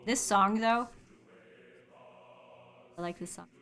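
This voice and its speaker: A woman's voice: mid-range voice, slow, a bit bright, a little hiss or hum. A woman giving casual, upbeat commentary while streaming a game and chatting with viewers. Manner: chatty, upbeat, talks to chat.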